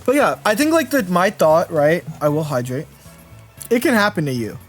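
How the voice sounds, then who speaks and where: A man's voice: high-pitched, very animated, moderate pace, soft background music. Chatty young man streaming a card game. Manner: rambling, self-interrupting, chatty with viewers. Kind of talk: casual live-stream commentary.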